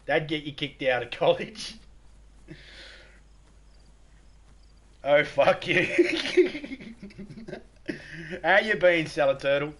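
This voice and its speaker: Australian man, middle-aged, streamer, casual crude jokes, laughs a lot, slightly high voice. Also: expressive, very slow, long pauses, fairly bright tone. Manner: joking, swearing, laughing often. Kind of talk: casual live-stream chat.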